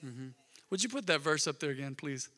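A male pastor preaching a sermon in a church, swinging from loud emphatic bursts to soft, intimate murmurs. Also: a little high, expressive, fairly quick. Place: church sanctuary. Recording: long reverb of a large hall.

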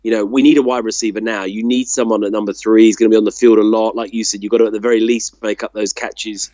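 A man's voice: on the low side, flat delivery, fast, warm tone, dry recording, highs cut off. A man co-hosting a casual sports chat, talking in loose, rambling runs full of fillers. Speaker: podcast co-host.

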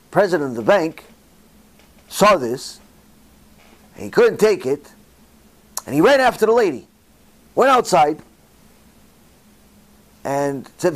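A man in his forties tells a story as a religious teacher. He speaks in an animated way, acts out the dialogue and often fills pauses with "uh". His voice sits fairly high for a man. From Israel. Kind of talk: storytelling Torah talk.

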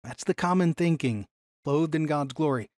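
A man teaching a Bible class from slides in an animated way, slowing down to stress key phrases. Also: fairly high pitch, dry recording, clean studio sound.

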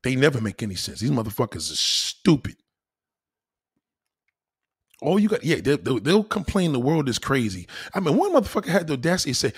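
A man delivering a crude, profane comedic rant to his viewers, swinging between low mutters and loud high exclaims. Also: big pitch swings, fast talker, slightly rough. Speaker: vlogger ranting to camera.

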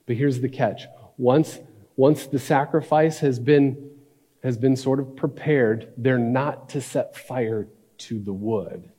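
A man's voice: mid-range voice, slow, slightly rough. Man preaching in a reverberant hall. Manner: storytelling, dramatic shifts between loud and hushed. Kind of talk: sermon.

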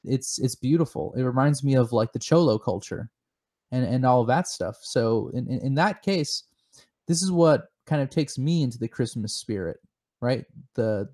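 A man co-hosting a comedic chat show, spinning deadpan, mock-serious theories with lots of halting restarts. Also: mid-range voice. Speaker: podcast co-host.

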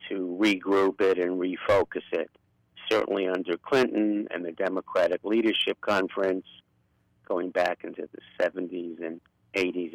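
Older man, Brooklyn accent, gravelly, outspoken radio guest, dry close sound. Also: low-pitched, dry recording, rough recording. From Brooklyn, New York. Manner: outspoken and impassioned. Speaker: guest, political activist. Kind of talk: radio interview.

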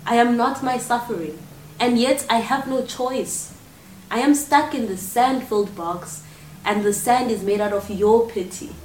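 A woman's voice: a little high, slight background noise. Woman, spoken word poetry, intense, confrontational, faint background ambience, echoey.

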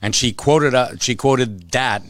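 A man co-hosting a casual podcast, telling a story with animated retelling and free swearing. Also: mid-range voice, slow pace, dry recording, clean studio sound. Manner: animated storytelling, acts out quotes, swears freely. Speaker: podcast co-host, comic shop worker. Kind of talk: casual chat.

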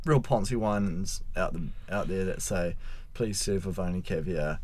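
A man's voice: low-pitched, measured pace, a little mellow, husky. A man, co-hosting a casual wine-tasting podcast and spinning silly made-up scenarios. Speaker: podcast co-host.

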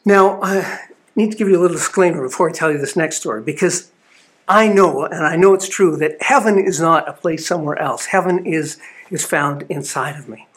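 A man's voice: on the high side, a little fast, a bit bright. A man giving an earnest, storytelling sermon at a spiritual living center. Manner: earnest storytelling with small restarts.

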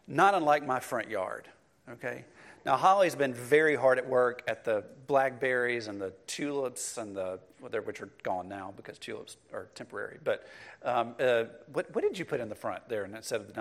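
A man's voice: medium pitch, animated, a little fast, gravelly, fairly bright tone. Middle-aged male pastor, conversational sermon delivery, addresses the congregation.

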